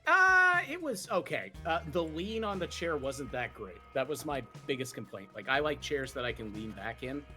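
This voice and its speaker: A man's voice: medium pitch, sharp tone. A young man hosting a live stream, chatting casually and animatedly, swearing and laughing often. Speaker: streamer host.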